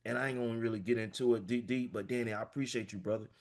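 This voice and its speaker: A man's voice: mid-range voice, steady tone, very fast, darkish tone. A man, a financial coach giving a passionate, emphatic motivational talk over a video call, peppered with "man". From small-town Florida, US.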